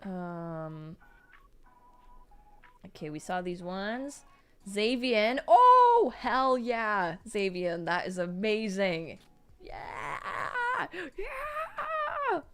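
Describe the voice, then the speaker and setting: A young adult woman hosting a livestream, reading chat aloud and reacting with gushing excitement. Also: on the low side, extremely slow, long pauses, soft background music. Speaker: livestream host. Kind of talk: live-stream chat reading.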